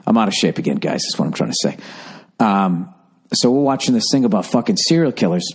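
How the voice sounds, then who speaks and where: A podcast host tells a long, rambling comic story, swearing, digressing and correcting himself mid-sentence. His voice is on the low side, sing-song, a little fast and slightly rough.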